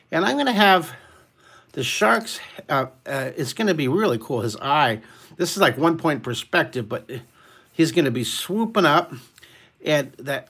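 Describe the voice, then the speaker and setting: Playful, excitable man teaching drawing. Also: on the high side. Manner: playful, excitable, chatty, addresses kids directly. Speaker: art teacher hosting a live kids' drawing webcast. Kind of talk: live online drawing lesson. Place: at home, son and cat in the room.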